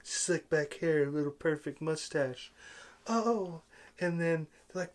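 A man giving a casual, opinionated film review, sarcastic and exasperated, with big swings in loudness. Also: on the high side, moderate pace.

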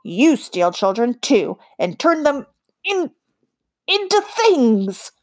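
A woman's voice: high-pitched, sing-song, takes it slowly, pitched above the performer's own voice, exaggerated voice. A woman playing a fiery, protective mother. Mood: indignant. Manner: sharp, fiery and indignant. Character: fierce, protective human mother.

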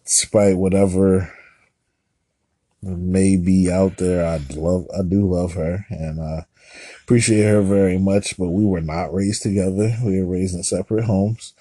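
A man speaks in an easy, unhurried way, his voice low and mellow with a husky edge. The sound is close and dry, with no room around it, and he pauses and restarts as he weighs his words. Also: steady tone, dry recording. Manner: measured, hesitant, dry. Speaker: podcast co-host. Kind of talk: casual chat.

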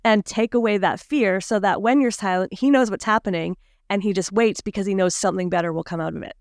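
A woman's voice: mid-range voice, fast talker, no echo, clean studio sound. A woman guest on a podcast, speaking confidently and emphatically, giving advice. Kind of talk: casual podcast conversation.

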